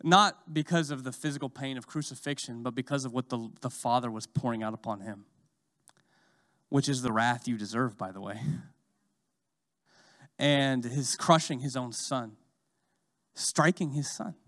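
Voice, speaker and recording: A man preaching a sermon, swinging from loud, fast urging to slow, hushed lines. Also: medium pitch.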